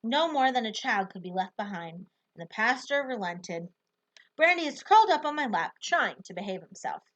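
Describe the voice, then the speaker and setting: A woman reading a novel aloud in the first person, with expressive, lively storytelling. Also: on the high side, normal speed. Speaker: audiobook narrator.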